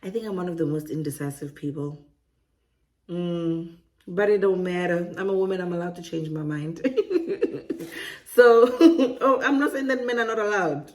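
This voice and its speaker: A woman's voice: lowish voice, moderate pace, long pauses, darkish tone. A woman vlogging about relocating, chatty and digressive, often laughing at her own asides. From South Africa. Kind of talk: casual to-camera monologue.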